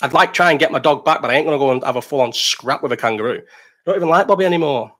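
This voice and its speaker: A man's voice: a little high, racing, a bit bright. A man hosting a casual live stream, reading chat questions, rambling, swearing and laughing.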